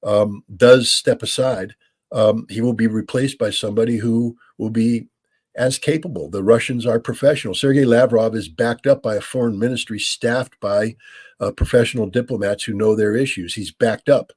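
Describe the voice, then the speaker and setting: An American man in his sixties, a former weapons inspector answering call-in questions in a measured, explanatory way with many ums and restarts. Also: medium pitch, fairly even intonation, darkish tone, breathy edge, no echo. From United States. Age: 60s.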